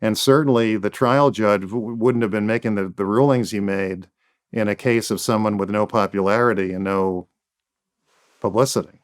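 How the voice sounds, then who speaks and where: A man's voice: lowish voice, fairly even intonation, moderate pace. A man speaking as a guest defense attorney in an interview, making firm points in emphatic, repeated phrases. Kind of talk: interview answers.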